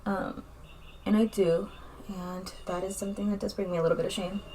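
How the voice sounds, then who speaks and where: A woman's voice: mid-range voice, flat delivery, fairly quick, warm tone, a little hiss or hum. A young woman chatting casually in a makeup vlog, rambling and candid, with lots of fillers as she talks. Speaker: vlogger.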